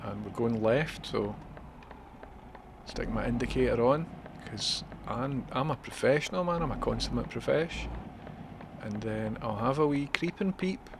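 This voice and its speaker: A man's voice: medium pitch, measured pace, background noise. A Scottish man chatting and swearing his way through a live gameplay stream, talking to viewers as he plays.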